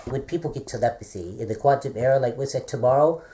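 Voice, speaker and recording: Deep-voiced woman in an improvised scene. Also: quick pace, mellow, slight background noise.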